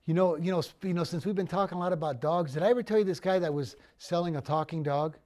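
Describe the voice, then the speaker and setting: Male sports talk host, high-pitched, casual and repetitive, studio. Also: quick pace, darkish tone. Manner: chatty, repeats words as he talks. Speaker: sports betting show host.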